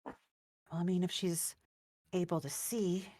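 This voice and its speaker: A woman's voice: on the low side, steady tone, slow, warm tone, no echo, clean studio sound. A woman player in a tabletop game, thoughtful and musing aloud over a voice call. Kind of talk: casual game chat.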